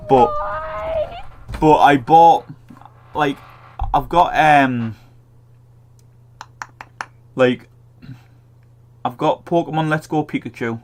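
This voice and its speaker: A man's voice: fairly high pitch, drawn-out words, long pauses, a little mellow. A man co-hosting a casual gaming chat, swearing freely and laughing often. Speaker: podcast co-host.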